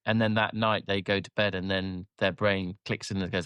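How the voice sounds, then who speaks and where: A man's voice: low-pitched, little pitch movement, moderate pace, fairly bright tone, clean tone, no room sound. A man co-hosting a podcast, asking teasing questions in casual chat. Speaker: podcast co-host.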